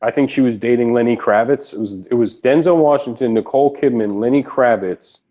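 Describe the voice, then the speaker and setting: A man's voice: mid-range voice, a little fast. A man in casual chat, a laid-back recording engineer who swears freely and mumbles. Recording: dull lo-fi sound.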